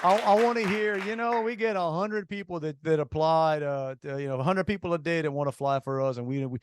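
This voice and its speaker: Animated sarcastic male radio co-host. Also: on the high side, brisk, slight background noise. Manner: animated storyteller, sarcastic, many restarts. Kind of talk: casual radio chat.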